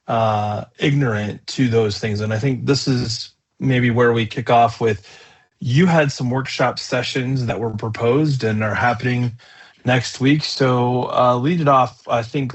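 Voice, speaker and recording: A man's voice: medium pitch, husky. Chatty male podcast host. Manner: chatty, rambling with fillers. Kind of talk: casual conversational podcast.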